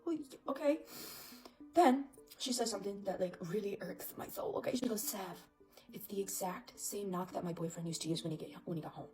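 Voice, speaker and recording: A woman casually telling a scary story, chatty and animated, with lots of fillers. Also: medium pitch, brisk, soft background music, poor audio.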